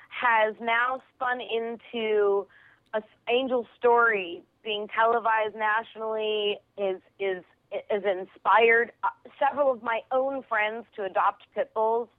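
A woman comedian tells a story with big energy and quick laughs, taking on the voices of the people she meets. Her voice comes through thin and tinny, like a phone line. There is no room sound around her. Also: fairly high pitch, no echo. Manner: lively, quick, laughs easily, acts out voices in stories. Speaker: comedian and actress, interview guest. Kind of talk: animated storytelling over the phone.

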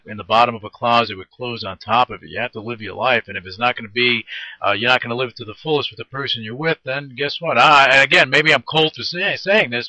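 Bright, earnest male podcast host. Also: mid-range voice, no room sound, low-quality recording. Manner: earnest, rambling, encouraging. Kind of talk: casual interview chat.

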